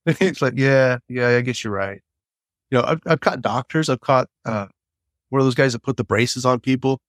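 Middle-aged man, guest storyteller, relaxed and chatty, mid-range voice, dry close recording. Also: medium pitch, normal speed, dry recording. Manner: laid-back, laughs often, many fillers. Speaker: guest, former border patrol agent. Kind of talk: casual storytelling.

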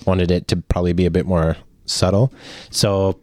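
A man with a very deep voice runs through a film plot for his co-hosts. He's crude and playful and tosses in jokes as he goes. The sound is close and dry, with no room echo. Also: level tone, a little mellow. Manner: crude, joking, fast recap narration. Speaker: podcast co-host recapping a film. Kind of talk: casual chat.

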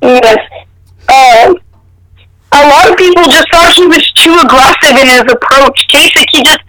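A woman's voice: high voice, a little slow. A woman co-hosting a casual political talk show, talking hesitantly and checking her notes. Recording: noisy recording with clicks.

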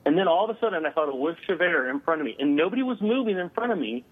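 A man calls in to an interview and tells his story in a voice a little higher than most. He pauses often on filler sounds and gets animated as he retells it. The line is narrow and tinny, like a phone call. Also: slightly rough. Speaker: guest paranormal investigator.

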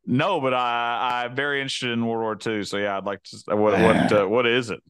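A man's voice: medium pitch, flat delivery, brisk, fairly bright tone, clean tone, no echo, clean studio sound. A man in his thirties co-hosting a casual podcast, telling rambling stories and laughing often. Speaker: podcast co-host. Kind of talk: casual chat.

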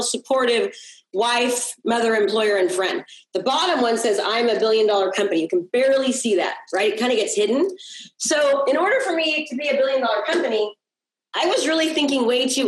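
A woman's voice: a little high, fairly bright tone, reverberant, low-quality recording. A woman coaching a group on a video call, upbeat and encouraging, repeating key points and checking in with "okay?". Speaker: business coach.

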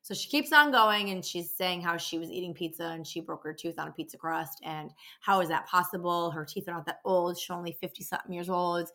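Bright-voiced woman ranting bluntly. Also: lowish voice. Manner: blunt, exasperated, swears freely. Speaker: podcast host and dental office receptionist. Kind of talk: casual storytelling rant.

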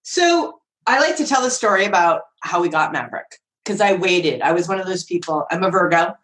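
A woman podcast guest telling a story in a chatty, animated way, often acting out voices with big swings in pitch. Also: fairly quick, low-quality recording. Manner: chatty, frequent fillers like "like" and "right?". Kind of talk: casual storytelling.

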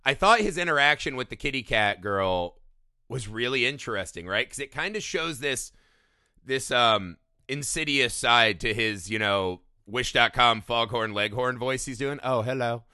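A man talks through a movie in loose casual chat, his voice bright and forceful against a dry, close sound. He swears freely, laughs often and slips into quick acted-out quotes. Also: medium pitch, lively intonation, smooth, no echo. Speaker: movie podcast co-host.

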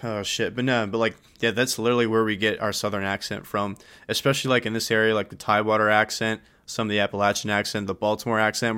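Podcast co-host, male, lower voice, swears freely, dry close sound. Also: fast talker, few pauses, clean tone, no echo. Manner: swearing, laughing, animated. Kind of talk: casual chat.

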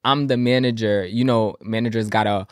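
A man joins a casual podcast conversation and talks in a relaxed, laid-back way. His voice sits at a middle pitch, and the sound is dry and close. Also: normal speed, clear, resonant tone, no room sound.

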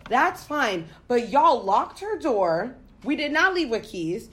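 A young woman from the United States telling a story in casual chat, profane and animated. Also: a little high, slow.

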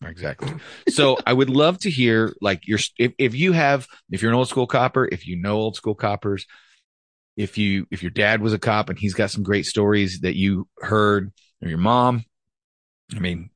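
Blunt, profane man with a low voice. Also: moderate pace, no room sound. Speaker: podcast host, former police officer. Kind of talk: casual podcast chat.

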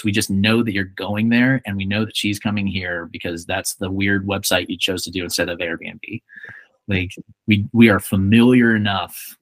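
A man's voice: lowish voice, fairly bright tone, dry recording. A young adult man hosting a podcast, chatting casually and joking as he acts out little quotes. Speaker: podcast host. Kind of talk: casual chat.

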